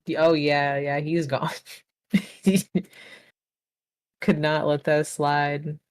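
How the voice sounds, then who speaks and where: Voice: mid-range voice, level tone, takes it slowly, no room sound, clean studio sound. A tabletop game player speaking casually and laughing often. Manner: laid-back, laughing.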